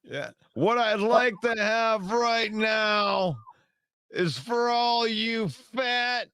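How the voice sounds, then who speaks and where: A man cutting a boastful, taunting wrestling promo in a drawn-out delivery, played as a clip. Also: sits high, pushed and bright, clean tone, no room sound, studio quality.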